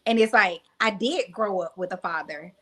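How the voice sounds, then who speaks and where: A woman's voice: mid-range voice, normal speed, fairly bright tone, poor audio. Candid woman telling personal stories. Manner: reflective, candid storytelling with many fillers. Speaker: guest. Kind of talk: podcast interview.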